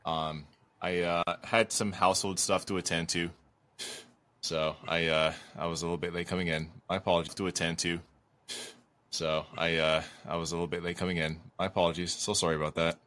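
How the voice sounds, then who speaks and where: Low-voiced teasing podcast co-host man. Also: little pitch movement, fairly quick, a bit bright. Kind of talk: casual chat.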